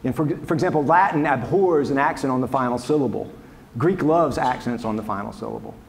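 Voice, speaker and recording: A male historian fielding questions from a lecture audience, at an ordinary middle pitch. He talks in a loose, wry, conversational way, restarting sentences and tossing in asides. A faint hiss sits under the voice. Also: a little fast, gravelly. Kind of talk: lecture Q&A answers. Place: lecture hall.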